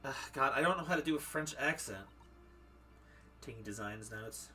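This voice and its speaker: A man streaming a live game playthrough, reacting excitably in loud bursts between reading lines aloud. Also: mid-range voice, normal speed, soft background music, rough recording.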